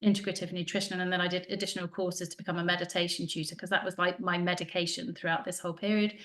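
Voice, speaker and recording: A woman, a podcast guest telling her story in casual, animated talk and acting out what people said. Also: fairly low pitch, fast. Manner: chatty, animated, acts out quoted dialogue. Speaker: podcast guest, joy coach. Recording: roomy echo.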